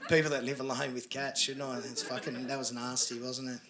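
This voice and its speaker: A man's voice: mid-range voice, little pitch movement, brisk, few pauses. A man with an Australian accent doing a stand-up set on a club stage, crude and sarcastic as he chats with the crowd. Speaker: stand-up comedian. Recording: live club recording with audible laughter noise. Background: audience laughter.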